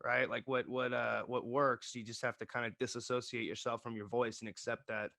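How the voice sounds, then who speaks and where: Bay area guy, bright punchy voice, halting and self-deprecating, casual interview. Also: medium pitch, little pitch movement, gravelly. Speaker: actor guest.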